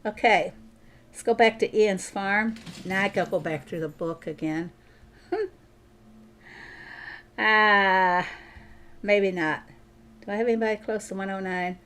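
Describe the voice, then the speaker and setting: Slow-talking chatty woman streamer. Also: medium pitch, a bit bright, slight background noise. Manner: chatty, thinks aloud, answers viewers. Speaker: mobile farming game streamer. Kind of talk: casual gameplay commentary.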